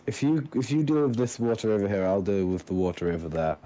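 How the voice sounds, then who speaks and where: Low-voiced man teasing during game chat. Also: expressive, quick pace, mellow. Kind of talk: casual gaming chat.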